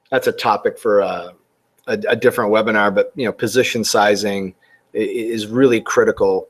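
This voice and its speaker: A middle-aged man giving a forex trading webinar, talking casually with sarcastic asides and frequent restarts. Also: fairly low pitch. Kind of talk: webinar market commentary.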